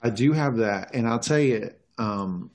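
A man's voice: medium pitch, a little slow, darkish tone. A man from North Carolina co-hosting a casual chat, telling stories in a candid, reflective way. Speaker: podcast co-host.

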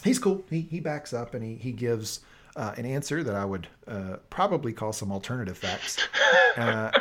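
A man co-hosting a casual recap podcast, telling scenes in an animated way with laughs and quick voice impressions. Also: medium pitch. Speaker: podcast co-host.

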